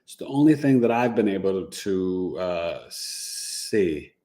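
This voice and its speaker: A man hosting a casual podcast, telling animated family anecdotes with laughs and sound effects. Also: deep voice, takes it slowly. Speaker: podcast host and astrologer. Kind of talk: casual storytelling chat.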